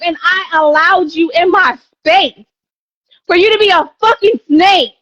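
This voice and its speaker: A woman's voice: very high voice, a little slow, fairly bright tone, no room sound, muffled recording. A woman live-streaming a heated rant, confrontational and profane, hammering her points by repeating them.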